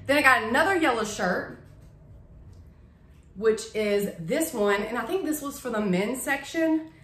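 A woman's voice: on the high side, animated, a little slow, a bit bright, reverberant. A young woman, chatting eagerly to camera about her shopping haul, gushing over each item. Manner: gushing, chatty, says "y'all" a lot. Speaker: vlogger. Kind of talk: casual haul chat to camera. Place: home living room.

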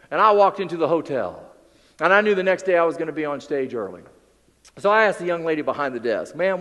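Male motivational speaker, high animated voice, dramatic storyteller, heard with long hall reverb. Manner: theatrical storytelling, acts out quoted voices, drops low and quiet for emphasis. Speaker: keynote speaker. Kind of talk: motivational keynote speech. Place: large hall with audience.

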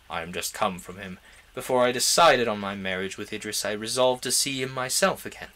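A man's voice: medium pitch, a bit bright, lightly acted. A man reading a novel aloud, voicing an ambitious, haughty young nobleman in a grand, declamatory way.

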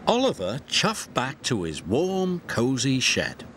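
A man giving scripted storybook narration for a cartoon, expressive and gently paced. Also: mid-range voice, slow pace, noisy background. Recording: music score behind.

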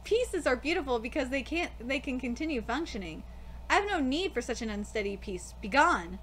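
A woman's voice: high-pitched, animated, a little fast, fairly bright tone, slight background noise, voice pushed down. A woman reading a manga aloud, voicing a cold, commanding young female queen of an academy with clipped, imperious lines. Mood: haughty.

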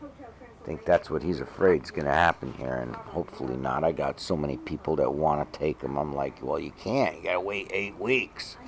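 A man talking to his cat on camera in a casual home video, switching between high baby talk to the cat and lower plain explanation. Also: moderate pace. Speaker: cat owner vlogger.

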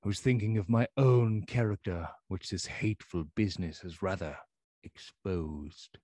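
A man's voice: deep voice, moderate pace, mellow, dry recording. A man reading the part of a feverish, frightened middle-aged doctor who pleads in agitation. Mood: bitter.

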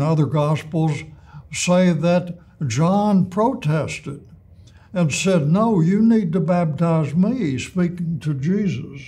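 A man teaching an adult Bible class, reading scripture aloud and explaining it in a measured way with pauses and restarts. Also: a little high, warm tone, breathy edge.

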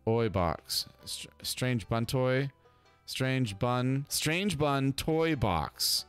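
A man hosting a gaming channel, giving chatty, excitable let's-play commentary. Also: medium pitch, smooth.

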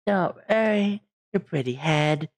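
A woman voicing a mysterious female game narrator in flat, stilted dialogue. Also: on the low side, takes it slowly, no room sound. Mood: ominous.

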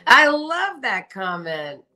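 A woman hosting a casual livestream, chatting warmly and reading viewer comments aloud with frequent laughter. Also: fairly high pitch, sing-song, drawn-out words. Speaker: livestream host.

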